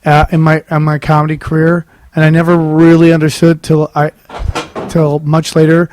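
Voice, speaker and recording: A man's voice: on the high side, monotone, normal speed, darkish tone, a little hiss or hum. A man, a comedian guest on a podcast, chatting casually and telling stories in a rambling, emphatic way full of fillers. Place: comedy club.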